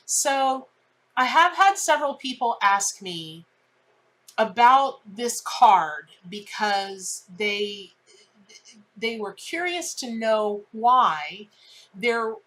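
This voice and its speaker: A woman's voice: a little high, low-quality recording. A woman hosting a daily tarot reading on her channel. She talks in a chatty, heartfelt and self-deprecating way. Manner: chatty, emotional, self-deprecating, warm with viewers. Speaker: tarot reader and channel host. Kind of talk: casual spoken tarot reading to camera.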